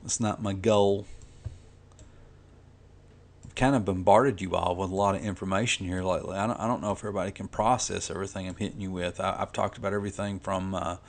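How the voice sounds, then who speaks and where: A man's voice: low-pitched, fairly even intonation, fast, gravelly. A man who makes comics, talking casually and rambling while he colors, with lots of "you know" and restarts. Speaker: comic artist vlogger.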